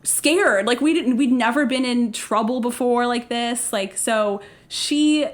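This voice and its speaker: A young woman recounting a story on a podcast, her voice sitting a little higher than most. She talks casually, throws herself into the quoted lines and breaks into laughter now and then. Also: unhurried. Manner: animated, acts out quotes, laughs often.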